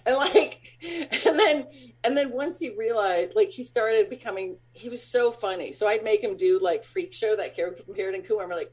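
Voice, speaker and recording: Husky, chatty woman telling stories. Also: medium pitch, normal speed. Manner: chatty, laughs often, many fillers; animated, acts out others' lines. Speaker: guest, actor and stand-up comic. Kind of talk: casual storytelling interview.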